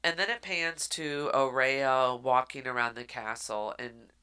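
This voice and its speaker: A woman co-hosting a podcast, recapping a book in animated casual chat and acting out voices. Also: extremely low pitch, unhurried, clear, resonant tone. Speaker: podcast co-host.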